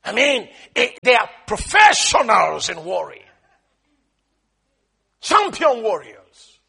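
A man preaching a sermon with emphatic call-and-response exhortation, swinging between shouts and quiet asides. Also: high voice, huge pitch swings, slow pace, gravelly, breathy edge.

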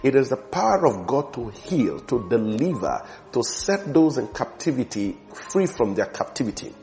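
A man preaching a sermon with fervent emphasis, slowing down and stretching the words he wants to land. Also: mid-range voice, very animated, darkish tone, soft background music.

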